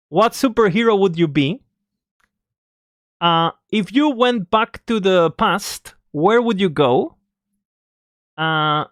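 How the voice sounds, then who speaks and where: A vlogger telling a story in a casual, animated way, with plenty of swearing and asides to the viewers. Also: medium pitch, dry recording, clean studio sound.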